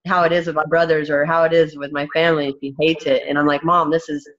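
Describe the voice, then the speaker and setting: A woman's voice: sits low, level tone, fast talker. A woman in her thirties, a fighter as interview guest, talking candidly in a blunt, emphatic way with many restarts. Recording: dull, muffled recording.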